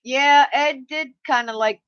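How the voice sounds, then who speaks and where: A woman's voice: sits high, a little slow, fairly bright tone. A middle-aged woman, chatting casually on a live stream, laughing often and swearing freely. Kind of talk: casual chat reading live comments. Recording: slightly muffled lo-fi mic audio.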